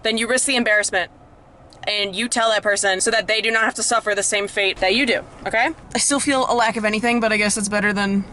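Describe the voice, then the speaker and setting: A young woman in her twenties rambles to camera in a loose, confessional vlog. She is chatty and self-mocking, with casual swearing. Her voice sits at a medium pitch, with a faint hiss of noise behind it. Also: fairly even intonation, fast talker, bright, forceful tone, rough recording. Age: 20s. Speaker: vlogger.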